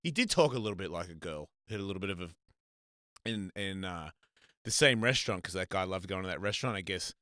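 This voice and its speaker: A man hosts a casual live stream, telling crude, rambling stories in a bright voice and acting out the people in them. The sound is dry, with little room echo. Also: sits low, expressive, fast. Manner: crude, rambling storyteller with loud quoted voices. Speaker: host.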